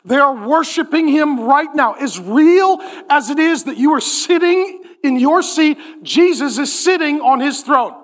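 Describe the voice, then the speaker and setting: Forties male pastor, high voice, lively joking preacher in a church sermon. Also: unhurried, hardly any pauses. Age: 40s. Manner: animated, joking, acts out voices in quotes.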